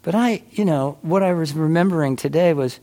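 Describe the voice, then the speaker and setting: A man's voice: on the high side, fairly quick, dark tone. A middle-aged man giving a casual, rambling personal talk at a meditation center, full of restarts and "you know.".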